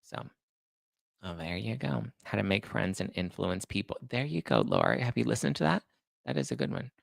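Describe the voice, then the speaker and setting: Chatty gravelly-voiced man hosting a show. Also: lowish voice, normal speed, no room sound. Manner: chatty, reads viewer comments aloud, animated retelling. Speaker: host. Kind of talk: casual chat.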